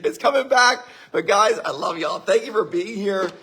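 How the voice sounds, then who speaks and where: A man, hoarse from losing his voice, giving an upbeat motivational talk as host at a winery. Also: high-pitched, normal speed, fairly bright tone, slight background noise. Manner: enthusiastic, addresses listeners as guys. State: hoarse, voice partly lost.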